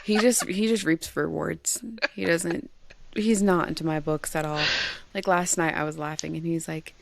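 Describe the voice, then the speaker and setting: A woman hosting a casual podcast, joking and teasing her guest in a frank, playful way. Her voice sits a bit low for a woman. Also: moderate pace, vocal fry, a little hiss or hum. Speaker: podcast host.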